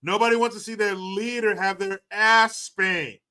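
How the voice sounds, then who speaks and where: A man's voice: high-pitched, steady tone, moderate pace, sharp tone, clear, resonant tone. A man hosting a livestream and commenting in a mocking, profane, casual way. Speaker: livestream host.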